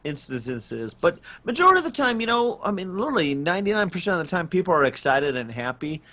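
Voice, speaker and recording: Guy chatting on a voice call podcast, kinda high voice, lots of uh and um. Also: fast. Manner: rambling, many fillers, animated when retelling. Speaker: podcast co-host. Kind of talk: casual group chat, storytelling.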